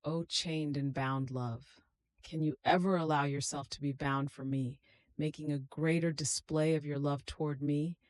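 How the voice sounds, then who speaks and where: A reader giving a slow, solemn, meditative devotional reading in a prayerful tone. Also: medium pitch, steady tone, dry recording.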